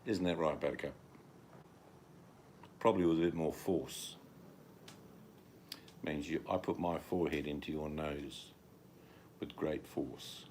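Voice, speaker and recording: A man's voice: very deep voice, steady tone, unhurried, pauses often, a little mellow, a little hiss or hum. A Scottish man from Scotland chatting casually, joking and telling stories with some swearing. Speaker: vlogger. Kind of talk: casual chat.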